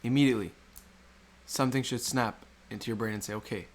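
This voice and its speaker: In a screen-recorded chart walkthrough, a man teaches trading at a quick pace, his voice mid-range and fairly even. He keeps circling back to key points and asking rhetorical questions.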